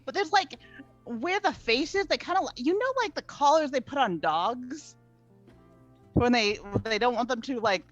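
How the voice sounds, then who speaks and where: A woman rambling through her turn at a tabletop game, her pitch swinging up and down as she talks. She piles on fillers and laughs between thoughts. The stream audio sounds dull and lo-fi. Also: animated, normal speed, faint music behind. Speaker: player. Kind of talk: casual tabletop game chat.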